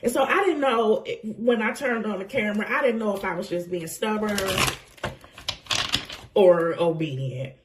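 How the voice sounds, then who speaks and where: A woman's voice: medium pitch, normal speed, background noise. A woman getting over a cold, giving an emotional, effusive tarot reading to camera and laughing often. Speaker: tarot reader.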